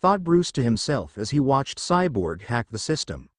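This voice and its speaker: A man narrating a fan fiction story aloud in an even reading voice, with his own asides. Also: mid-range voice, moderate pace, dry recording, studio quality.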